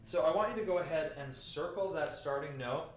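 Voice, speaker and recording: A man teaching the alto part of a choir piece, explaining the markings patiently and speaking the lyrics slowly. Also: a little high, echoey room, a little hiss or hum. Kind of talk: music lesson walkthrough.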